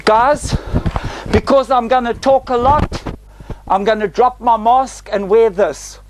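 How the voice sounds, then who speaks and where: A South African man in his sixties, a retired flight attendant guiding a group through a parked airliner in a lively, theatrical way, tagging his lines with "eh?". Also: extremely high pitch, takes it slowly, slight background noise, rough recording. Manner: lively, theatrical, tag questions like "eh?". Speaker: tour guide. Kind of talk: guided tour talk to a group. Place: inside a parked airliner cabin.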